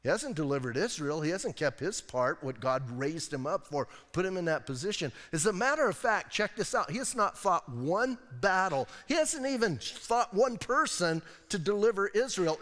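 A male pastor preaches in a relaxed, animated style and turns to his listeners with quick asides. His voice sits a little higher than most men's, and a long reverb from the church hall trails each phrase. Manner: animated, conversational, asides to the audience. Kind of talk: expository sermon. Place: church sanctuary.

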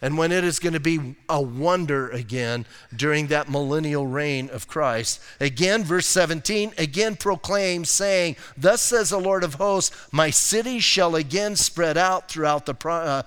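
A male pastor with a fairly high, smooth and resonant voice delivers a sermon in an easygoing, chatty manner, dropping in slangy asides. The sound carries a long reverb, as in a church hall. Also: unhurried, few pauses, a bit bright. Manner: casual, conversational preaching with slang asides. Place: church sanctuary.

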